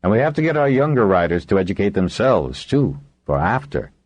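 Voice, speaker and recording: A weary older man who leads dragonriders, as an audiobook narrator puts him on, speaking very low with a dry, facetious wit. His voice moves animatedly in pitch. The sound is close and dry. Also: very animated, a little fast, a little mellow, no room sound.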